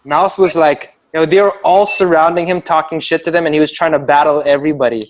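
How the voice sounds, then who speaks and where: Rambling animated man on a muffled video call. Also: fairly high pitch, fast talker. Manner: rambling, animated, acts out quotes with yelling and laughter. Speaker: b-boy crew member telling a story. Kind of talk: casual storytelling on a video call.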